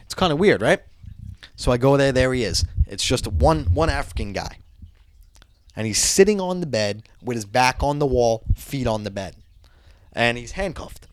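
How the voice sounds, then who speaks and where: A man's voice: medium pitch, big pitch swings, moderate pace, no room sound. Profane New man telling a story. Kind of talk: casual chat.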